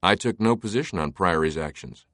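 A man voicing a guarded male academic with a measured, explanatory manner. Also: low voice, expressive, a bit bright, no room sound, clean studio sound.

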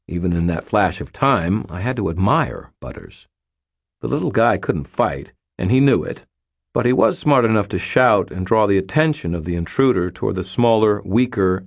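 A man narrating a first-person novel in a very low, husky voice. He reads at a measured, even storytelling pace. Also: no room sound, clean studio sound. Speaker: audiobook narrator.

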